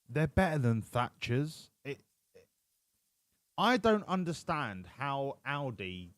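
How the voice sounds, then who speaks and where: A man's voice: medium pitch, dry recording, clean studio sound. A man giving casual, sweary, joking commentary while live-streaming a racing management game.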